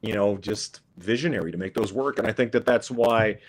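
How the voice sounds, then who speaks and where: Man, lowish voice, casual chat, rambling, repeats himself. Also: fairly quick. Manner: rambling, repeats words, laughs easily. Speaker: guest musician.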